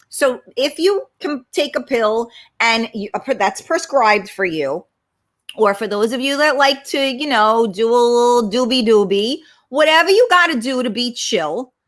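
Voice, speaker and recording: A woman's voice: on the high side, bright, forceful tone. A middle-aged woman, hosting a casual livestream chat, blunt and emphatic, swearing freely as she answers viewer comments. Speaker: talk show host.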